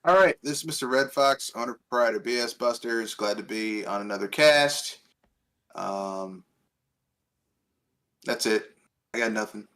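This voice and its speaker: A man co-hosting a podcast in casual chat. He is animated and profane and laughs often. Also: mid-range voice, measured pace, pauses often. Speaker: podcast co-host.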